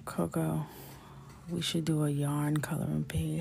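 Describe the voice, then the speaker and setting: Low, gravelly-voiced woman chatting casually. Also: level tone, measured pace, a little mellow. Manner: chatty, joking, reads chat aloud. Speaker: coloring livestream host. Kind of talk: casual livestream chat.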